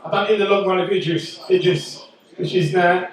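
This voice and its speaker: A middle-aged man doing stand-up comedy, loud and swearing as he teases the crowd. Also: sits high, steady tone, normal speed, distant mic. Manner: loud, swearing, teasing banter. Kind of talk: stand-up comedy with audience banter. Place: indoor comedy venue. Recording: echoey room, voice from afar, faint noise.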